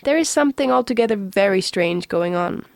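A woman's voice: mid-range voice, lively intonation, brisk, vocal fry, dry recording. A woman reading a storybook puts on a bewildered, polite young man who keeps his remarks dry and understated. His voice is dry and close, with no room sound. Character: bewildered polite young Englishman, mildly anxious.

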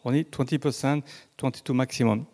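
A man with a French accent, a native French speaker, giving a slow, halting presentation with slides and frequent restarts. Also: mid-range voice, fairly even intonation, warm tone. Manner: halting, many restarts and fillers, deliberately slow. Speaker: presenter on groundwater.

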